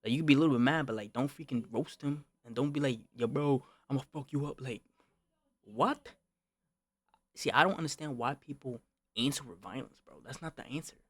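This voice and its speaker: A man's voice: mid-range voice, brisk, husky, no echo. A young man streaming, telling a casual storytime rant full of slang and swearing, repeating himself and calling the listener bro, often rising to heated outbursts.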